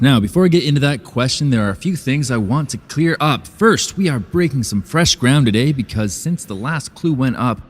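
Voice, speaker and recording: An actor playing a sarcastic, exasperated male true-crime podcast host in an audio drama, impatient and theatrical. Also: mid-range voice.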